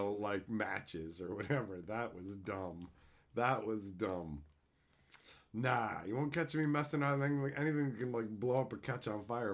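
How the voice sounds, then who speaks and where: A man chatting casually with his livestream viewers, crude and joking, swearing freely as he tells animated bits. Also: on the low side. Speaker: streamer answering chat.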